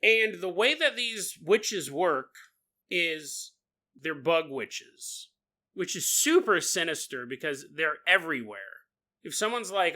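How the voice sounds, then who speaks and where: A man with a high, very bright voice hosts a comedic folklore podcast. He jokes constantly, laughs often and breaks into quick silly character voices mid-story. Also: expressive. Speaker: podcast host.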